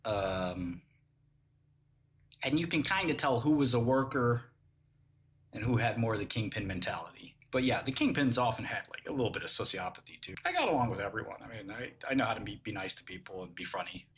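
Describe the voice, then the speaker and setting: Male host, casual storyteller, lively and bright. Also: fairly low pitch, a little fast. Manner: animated storyteller, laughs at his own jokes, acts out quotes. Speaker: podcast host telling prison stories. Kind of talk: casual anecdote telling.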